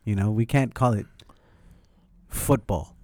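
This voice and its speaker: A man's voice: on the low side, slow, dark tone, dry recording, studio quality. A man co-hosting a podcast, rambling and joking with casual swearing. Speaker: podcast co-host. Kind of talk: casual chat.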